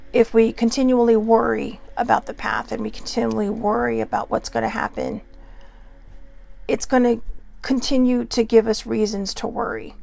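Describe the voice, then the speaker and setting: A woman's voice: fairly high pitch, gravelly, darkish tone. A woman hosting a casual self-care pep talk, chatty and often checking in with "right?". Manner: chatty, keeps asking "right?". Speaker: host.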